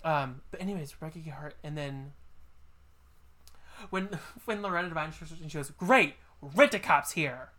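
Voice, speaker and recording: A woman co-hosting a casual podcast about films, speaking with excited, gushing energy. Her voice sits low yet sounds bright and forward. She often slips into acting out lines from the film she loves. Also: brisk, pauses often. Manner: excitable, gushing, acts out quoted movie lines. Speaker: podcast co-host. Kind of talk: casual movie chat.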